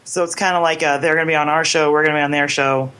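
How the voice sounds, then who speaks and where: A woman's voice: deep voice, fairly even intonation, very fast, a bit bright, clear, resonant tone. Lady cohost on a beer radio show, chatty, laughs a lot, reads out next guests. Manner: laughing, announcing upcoming guests. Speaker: co-host. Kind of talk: casual radio chat.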